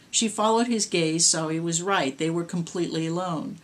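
A woman, the author, reading her own horror story aloud in a measured storytelling way. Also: lowish voice, steady tone.

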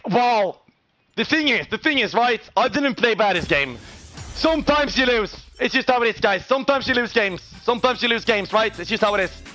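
A young man calls his game live in a very high, bright and forceful voice. He is excitable and sweary, breaking into shouts at his team, with faint game music underneath. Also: moderate pace. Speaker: gaming streamer. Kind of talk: live game-stream commentary.

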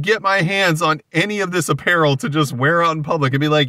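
A man hosts a casual comic book commentary in a bright, forceful voice that sits a little high. He talks animatedly, drops in plenty of fillers and exasperated asides, and sounds close and dry. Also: steady tone, fast, hardly any pauses, no echo.

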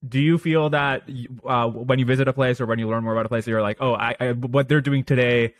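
A man's voice: mid-range voice, fairly even intonation, fast, no echo, clean studio sound. A young man hosting a podcast, asking long questions with many restarts and fillers. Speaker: podcast host. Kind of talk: casual interview.

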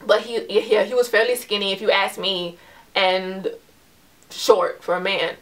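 Woman, 20s, from New York, casual chat, lots of likes and ums, animated storytelling, mid-pitched voice. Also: measured pace. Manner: chatty, heavy use of "like" and "um"; animated storyteller, voice rises when retelling the confrontation. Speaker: vlogger.

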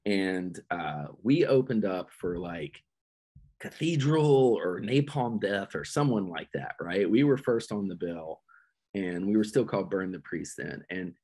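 A middle-aged man telling stories on a podcast in a casual, animated, profane way. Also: measured pace, slightly rough. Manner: animated, profane, jumps into high-pitched quoted voices. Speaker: podcast guest, metal vocalist. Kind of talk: casual storytelling chat.

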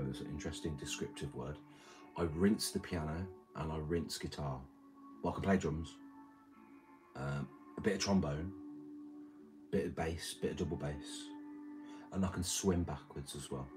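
A man reading out and answering chat on a livestream, rambling with crude, mumbled banter. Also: extremely low pitch. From Britain. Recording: streamer mic with loud music behind. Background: music playing.

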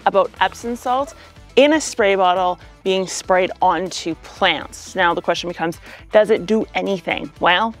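A woman with a Canadian accent and a hoarse voice, explaining gardening in a casual, upbeat video with joking asides. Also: lowish voice, a little slow, faint music behind. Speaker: gardening educator.

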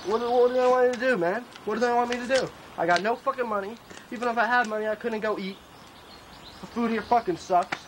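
A young man with a high, light voice rambles through a foul-mouthed comic rant, tossing in "man" and "bro" at every turn. Loud outdoor noise sits under him the whole time. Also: quick pace. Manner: rambling, profane, slangy, swings between griping and bragging. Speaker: clothing designer character. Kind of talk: improvised comedic monologue. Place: outdoors at a tent camp.

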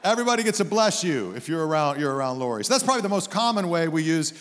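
A middle-aged man preaching in a church sanctuary, his voice sitting a little higher than most men's. He tells stories with lively, joking energy. The sound rings out with a long hall reverb behind every phrase. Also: very fast, a little hiss or hum. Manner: animated, humorous storytelling. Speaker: guest pastor. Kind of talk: sermon.

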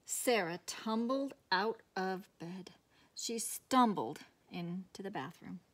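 A woman teacher reading a picture book aloud from her classroom. She tells the story expressively, for young pupils. Her voice sits mid-range in pitch. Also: lively intonation, slow pace.

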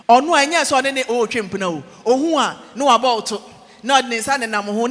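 A man preaching a sermon in a church, animated, mixing English with Twi, swinging from shouts to low asides. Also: moderate pace, long reverb tail.

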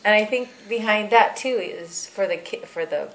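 A woman recalls past events in casual, animated speech. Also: mid-range voice, moderate pace. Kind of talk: casual recollection.

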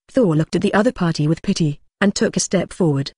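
An audiobook narrator reading a translated superhero novel in an even, unhurried, machine-like delivery. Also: medium pitch, husky, dry recording.

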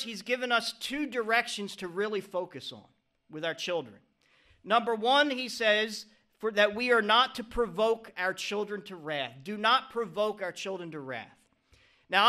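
Middle-aged male pastor, high bright voice, earnest preaching with call-and-response "Amen?" checks. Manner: preaching with frequent "Amen?" calls to the congregation. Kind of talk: sermon.

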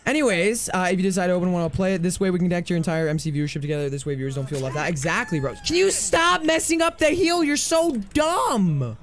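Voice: medium pitch, animated, fast, few pauses, a little hiss or hum. A streamer giving live gameplay commentary, chatting and teasing a teammate.

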